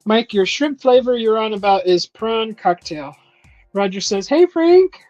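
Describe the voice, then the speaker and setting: A woman's voice: medium pitch, measured pace, a little mellow, dry recording, muffled recording, faint music behind. A woman hosting a casual live chat from her home kitchen, chatty and teasing, laughing often as she reads viewer comments. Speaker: host of a live chat stream.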